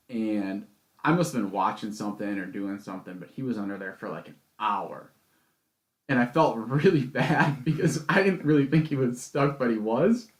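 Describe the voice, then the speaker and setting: A young man co-hosting a podcast, loud and excitable in casual chat, often laughing. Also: mid-range voice. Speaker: podcast co-host.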